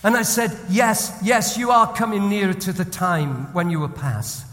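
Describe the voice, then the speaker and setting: A man preaching as a senior pastor, moving between hushed, tender storytelling and loud, rising exhortation. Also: high voice, lively intonation, normal speed, big-room sound. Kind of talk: sermon.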